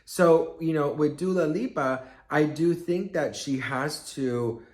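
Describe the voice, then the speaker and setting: A man telling a story casually to camera, chatty and expressive, acting out quotes with lots of fillers. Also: fairly high pitch, slow. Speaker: vlogger and storyteller.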